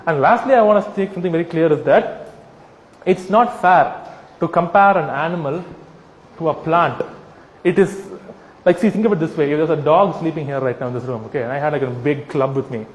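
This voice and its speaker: A man giving a humorous, persuasive talk to a live audience, animated and teasing, asking rhetorical questions. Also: a little high, fairly quick. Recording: echoey hall with long reverb.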